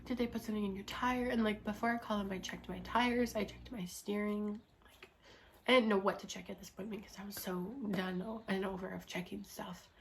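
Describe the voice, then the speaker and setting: A woman's voice: mid-range voice, steady tone, brisk, slight background noise. A young woman telling a rambling, frustrated story from her school days in a casual chat style, full of "like" and restarts. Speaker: vlogger.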